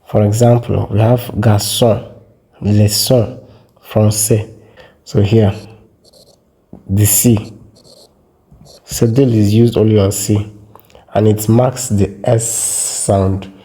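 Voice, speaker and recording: A man explains French spelling in a slow, deliberate lesson. His voice sits low and sounds very dark and mellow. He says each example word several times so the learner can copy it. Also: little pitch movement. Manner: repeats words slowly for pronunciation practice. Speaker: French teacher.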